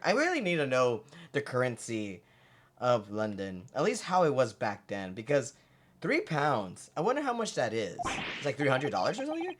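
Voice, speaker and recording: A let's play host giving casual gameplay commentary, excitable and swearing often. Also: medium pitch, normal speed, over music.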